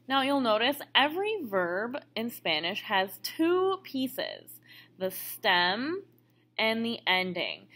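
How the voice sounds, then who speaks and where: A woman records a classroom lesson, walking students through each step with patience. Her voice is bright and clear. Her pitch moves up and down a lot. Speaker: Spanish teacher.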